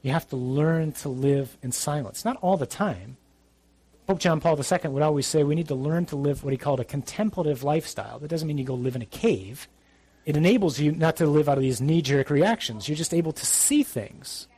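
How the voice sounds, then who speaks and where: A man's voice: a little high, fairly quick, a little mellow, slightly rough, no room sound. A middle-aged man, a priest, giving a conversational, emphatic sermon with asides.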